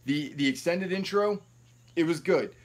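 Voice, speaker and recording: A man's voice: on the high side, measured pace. A man hosting a live stream, ranting in a rambling, profane, heated way.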